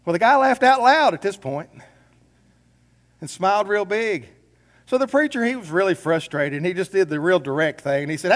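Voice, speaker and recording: Folksy high-voiced male pastor preaching. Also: lively intonation, moderate pace, a bit bright, long reverb tail. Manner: folksy, conversational preaching with rhetorical questions. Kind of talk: sermon. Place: church sanctuary.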